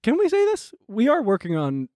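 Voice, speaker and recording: A man's voice: extremely high pitch, huge pitch swings, fairly quick, a little mellow, dry recording, studio quality. A man from New Jersey co-hosting a podcast, easygoing and wry in casual chat. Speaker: podcast co-host.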